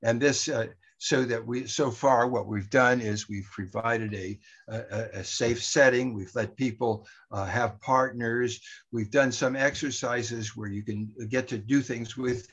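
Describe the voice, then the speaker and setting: A man's voice: mid-range voice, steady tone, measured pace, a bit bright, husky. A man presenting a workshop, explaining an exercise step by step in a methodical, instructional way.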